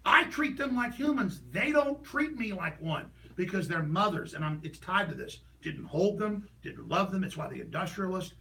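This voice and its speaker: A man delivering an impassioned, ranting political monologue as a talk show host, heated and rapid with sudden bursts of shouting. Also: sits high, animated, gravelly, recorded from a distance, slight background noise, low-quality recording.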